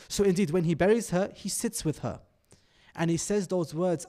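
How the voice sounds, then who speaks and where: Male preacher, high voice, mourning sermon narration, hushed and grieving, building to impassioned pleading. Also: fast. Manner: recounts dialogue in a hushed, grieving tone, rising to an impassioned plea.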